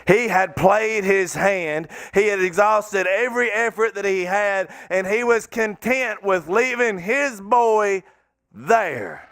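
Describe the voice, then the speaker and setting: A man preaching a sermon as pastor in a church, fervent and folksy, sometimes breaking into shouts. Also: sits high, slow pace, no echo, studio quality. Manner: colloquial, folksy phrasing. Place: church sanctuary.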